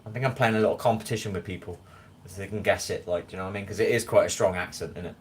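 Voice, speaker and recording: A man's voice: sits low, rapid-fire, slight background noise. A tired man with a West Country accent, rambling casually on a livestream and reading viewers' names from the chat, recorded on a phone at home. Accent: West Country English. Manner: rambling, chatty, reads chat names aloud. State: tired after little sleep. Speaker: livestream host.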